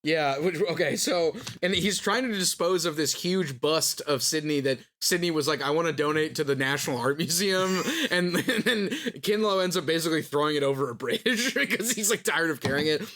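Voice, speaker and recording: A man's voice: fairly high pitch, lively intonation, normal speed, few pauses, fairly bright tone. A man co-hosting a book podcast, retelling scenes in casual chat and laughing often. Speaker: podcast co-host.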